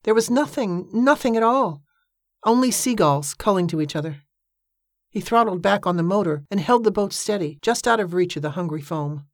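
A female narrator with a medium pitch reads a scripted story for an audiobook, steady and measured throughout. There's no room sound in the clean studio recording.

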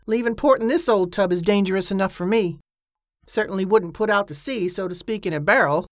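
A woman voicing a gruff, easygoing first mate on a ship, with a drawling folksy manner. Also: mid-range voice, brisk, dry recording, studio quality, lightly acted. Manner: drawling, folksy rough grammar.

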